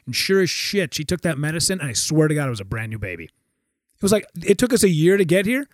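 A middle-aged man and stand-up comedian telling stories in a casual chat, animated and swearing freely, with many restarts. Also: fairly high pitch, quick pace, dry recording. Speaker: stand-up comedian, podcast guest.

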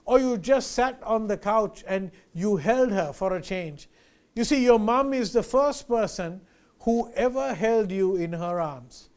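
A man's voice: high-pitched, lively intonation, a little slow, darkish tone. A male pastor preaching a sermon, earnest and emphatic, repeating key phrases and addressing listeners as friends.

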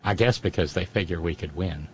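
A man's voice: low-pitched, a little fast, slight background noise. A man hosting a satirical comedy show, delivering mocking political commentary on slightly muffled audio. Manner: sarcastic, mocking.

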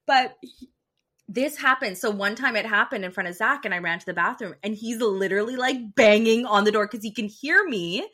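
A young woman co-hosting a podcast, telling stories in an animated way and laughing often. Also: fairly high pitch, a little fast. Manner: animated storytelling, frequent laughter. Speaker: podcast co-host. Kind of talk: casual chat.

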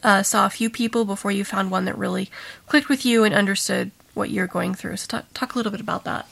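A woman interviewing a guest, gently prompting her to talk more. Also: medium pitch, fairly even intonation, fast talker, vocal fry. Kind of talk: interview questions.

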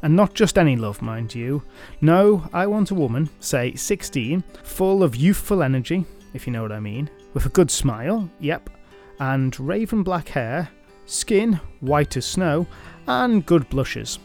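A man voicing a boastful, lecherous, drunken knight, all loud blustering bravado. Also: on the high side, animated, measured pace, few pauses, faint music behind.

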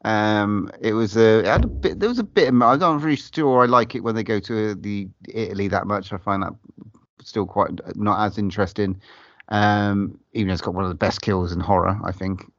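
A man's voice: fairly low pitch, moderate pace, a bit bright, no echo, muffled recording. A man chatting on a film podcast, hesitant with many fillers and some swearing. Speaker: podcast co-host. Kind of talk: casual film podcast chat.

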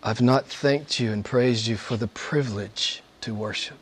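A man preaching a sermon and praying to a live congregation, earnest, slowing down and stretching key words for emphasis. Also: medium pitch, breathy edge.

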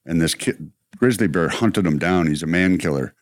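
A man's voice: deep voice, moderate pace, no echo. A man co-hosting a casual talk show, telling a rambling movie story and acting out its lines. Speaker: co-host. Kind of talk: casual chat.

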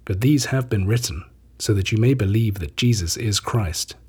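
A man reading scripture aloud in a measured, solemn way. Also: on the low side, a little mellow, slightly rough. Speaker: scripture reader.

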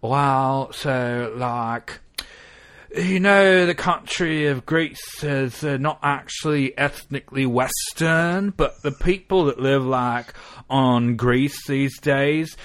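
A man voicing a stoned, rambling young woman student in a slow drawl full of fillers. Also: medium pitch, fairly bright tone, voice pushed up. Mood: spacey.

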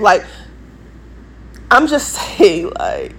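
A woman's voice: fairly high pitch, sing-song, very slow, pauses often. A woman with an English accent talks in a rambling monologue to her viewers, emphatic and repeating herself for stress. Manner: emphatic, repetitive, insistent. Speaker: vlogger.

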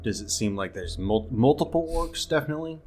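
A man's voice: mid-range voice, brisk, soft background music. A man playing a tabletop game, talking casually and thinking aloud as he plans. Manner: relaxed, trails off, thinks aloud. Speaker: player.

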